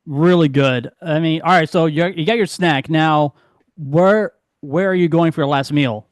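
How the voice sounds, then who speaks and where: A man hosting a relaxed roundtable chat, talking in a slightly high voice. He asks eager questions and tends to repeat his words as he goes. The sound is dry and close. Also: a little slow, dry recording. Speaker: podcast host. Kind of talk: casual chat.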